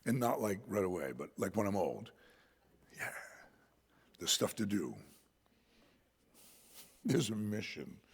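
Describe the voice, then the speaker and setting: A male pastor preaching a sermon, swinging from shouts to whispers and laughing often. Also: on the low side, big pitch swings, slow pace, vocal fry, long pauses, slightly rough, in a large hall. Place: church sanctuary.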